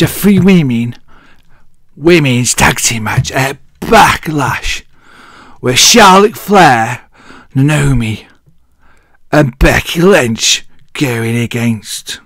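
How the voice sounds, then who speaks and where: A man's voice: medium pitch, creaky, a bit bright, no echo, clean studio sound. An English man hosting a wrestling show, recapping in a cheeky, rambling way and often losing his place as he thinks aloud. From England.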